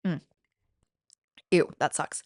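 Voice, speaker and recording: A woman's voice: slow, a little mellow, dry recording, studio quality. A woman hosting a comedy podcast in casual, profane chat, telling a self-mocking story with big swings in energy. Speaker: podcast host.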